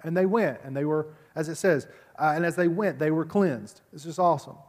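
Man, pastor, sermon, high voice, conversational, repeats words, long hall reverb. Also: fairly quick, few pauses, darkish tone. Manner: conversational, repeats words while building a point. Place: church service.

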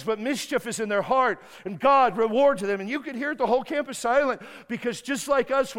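A man's voice: extremely high pitch, fairly bright tone, clean tone. A man preaching a sermon with emphatic repetition, now and then acting out a prayer. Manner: emphatic, repeats words and restarts, acts out prayers. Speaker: guest preacher. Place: church sanctuary. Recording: long hall reverb.

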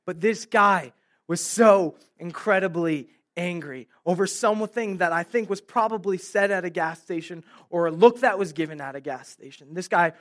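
Young male preacher, bright and forceful, acts out the lines in his stories. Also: high-pitched, moderate pace. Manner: animated storytelling, acting out dialogue. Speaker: pastor. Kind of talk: sermon with storytelling. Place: room with live audience.

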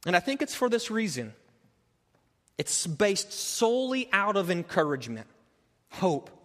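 A man preaching a sermon, moving from quiet earnest teaching to loud rhetorical questions. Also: high voice, big pitch swings, a little slow. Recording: long hall reverb.

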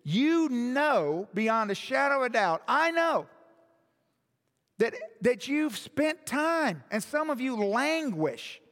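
A man's voice: very high-pitched, big pitch swings, slow pace, a bit bright. A male pastor preaching a sermon in a church hall, emphatic and full of rhetorical questions, with long hall reverb.

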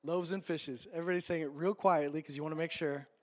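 Male pastor, high voice, lively sermon delivery with comic asides. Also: fast talker. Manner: animated, acts out voices for humor.

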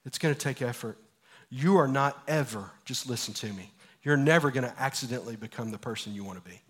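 A man in his forties preaching a sermon as pastor, telling stories with energy and then dropping to a hushed, earnest tone. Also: medium pitch, fast. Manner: animated storytelling, swinging from loud to hushed. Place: church.

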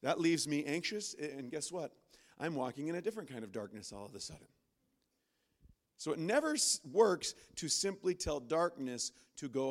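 A man preaching a sermon from a church stage, animated and acting out inner voices with sudden loud, high bursts. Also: moderate pace. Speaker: pastor.

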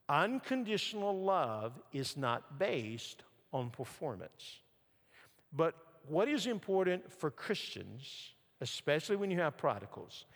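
A man preaching a sermon, telling a story and sinking into soft, low emphasis on key words. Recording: long hall reverb.

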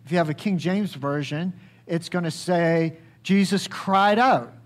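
Pastor, male, high voice, unhurried sermon delivery with rhetorical questions. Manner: preaching with rhetorical questions and acted quotes; slow and emphatic, swinging high for quotes and dropping low.

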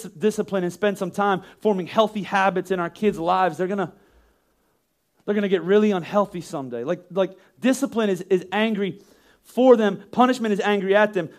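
A man preaching a sermon in an animated way, acting out yelling parents with sudden shouts and often repeating words as he restarts phrases. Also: sits high. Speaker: pastor.

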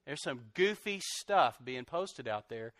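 A middle-aged man preaching a sermon, animated, swinging from loud outbursts to soft, confessional lines. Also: medium pitch, slow pace, dry recording. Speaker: pastor.

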